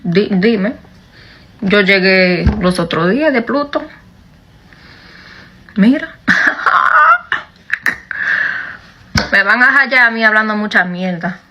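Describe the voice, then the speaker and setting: A woman chatting casually to camera in an animated way, switching between two languages. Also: medium pitch, normal speed, pauses often, muffled recording, a little hiss or hum. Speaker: video creator.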